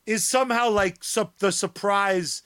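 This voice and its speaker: Male podcast co-host, high voice, unhurried, sardonic and profane. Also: pushed and bright, clean tone. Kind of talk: casual podcast chat.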